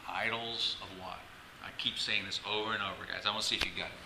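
A man pastor giving a casual, halting sermon to his congregation, repeating words and laughing often. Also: fairly low pitch, fairly even intonation, bright, forceful tone. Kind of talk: conversational sermon. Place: church sanctuary. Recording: echoey room, faint ambient noise.

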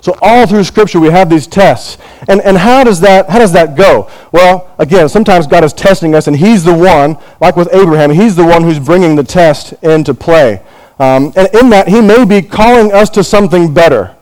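A middle-aged man, a pastor, preaching a sermon in a church with animated delivery, acting out quoted figures. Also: normal speed, rough recording. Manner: animated preaching, voices quoted figures, lively rises in pitch. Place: church in Hong Kong.

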